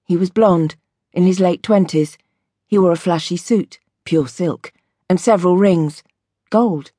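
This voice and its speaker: A woman reading an audiobook in a measured, vivid storytelling voice. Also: lowish voice, mellow, slightly rough, no room sound, clean studio sound. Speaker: audiobook narrator. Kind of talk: scripted audiobook narration.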